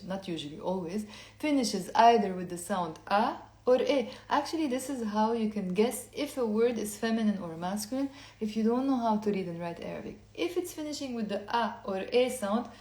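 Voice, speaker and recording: A woman teaching a language lesson, explaining step by step and repeating words slowly for learners to say along. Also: medium pitch, dark tone, roomy sound. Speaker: Lebanese Arabic teacher.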